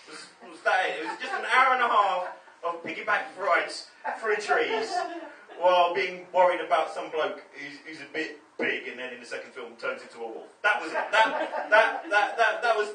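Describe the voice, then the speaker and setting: A man's voice: fairly high pitch, animated, normal speed, bright, forceful tone, a little hiss or hum. A man doing a stand-up set, chatty and self-deprecating, riffing with the crowd. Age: 30s. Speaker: stand-up comedian. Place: comedy club stage. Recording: roomy, distant live club recording. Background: audience laughter.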